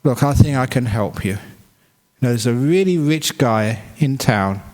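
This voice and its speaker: A man voicing a clever, gentle male ox who speaks slowly and reasonably in a told story. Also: medium pitch, animated, long reverb tail, lightly acted. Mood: persuasive.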